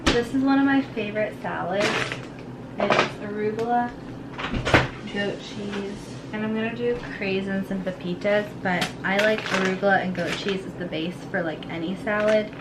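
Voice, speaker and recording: A young woman and mother with a sick, hoarse voice, chatting casually and rambling through a home vlog, full of "like". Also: mid-range voice, normal speed, distant mic. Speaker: vlogger and mother. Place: home kitchen and garden. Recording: roomy, off-mic, household noise.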